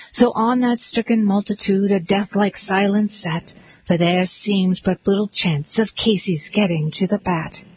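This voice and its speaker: A woman giving an expressive, rhythmic recitation of poetry aloud. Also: mid-range voice, slight background noise, low-quality recording. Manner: expressive, rhythmic verse reading. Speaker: poetry reader.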